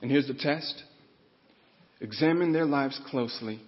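A man's voice: mid-range voice, a little slow. A man preaching a sermon in a church, building up to fervent emphasis as he teaches from scripture. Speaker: pastor. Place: church sanctuary. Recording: dull sound with long reverb.

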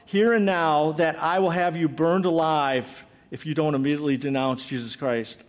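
A man's voice: fairly high pitch, fairly even intonation, normal speed, close to an everyday voice. A man voicing a stern, anxious Roman proconsul who makes demands and threats. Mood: demanding. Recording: long hall reverb.

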